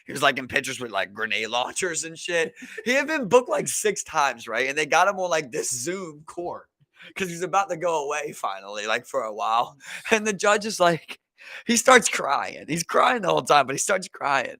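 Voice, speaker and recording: Animated young Baltimore man, bright voice. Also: fairly high pitch, moderate pace, no echo. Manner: animated storyteller, acts out quotes, slangy, swears. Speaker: podcast co-host. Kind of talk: casual chat.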